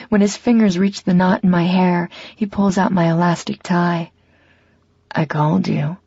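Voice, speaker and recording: Casting: woman narrator, dark gravelly tone, close and intimate, dry recording. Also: lowish voice, dry recording, lo-fi sound. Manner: soft, intimate first-person reading. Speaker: audiobook narrator. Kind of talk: scripted narration of a romance novel.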